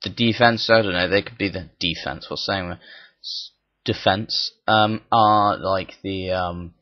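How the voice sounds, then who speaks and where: A man with a lowish voice rambles through gameplay commentary, thinking aloud and drifting off onto crude, jokey asides. The sound is dull and lo-fi, as if from a cheap mic. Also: steady tone, measured pace. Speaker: gaming channel host.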